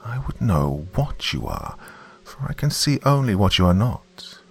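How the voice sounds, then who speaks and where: Man doing an ancient giant serpent, male, deep, low and distant, imperious, contemptuous, swinging pitch. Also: very animated, unhurried, creaky, soft background music, heavily acted. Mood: commanding.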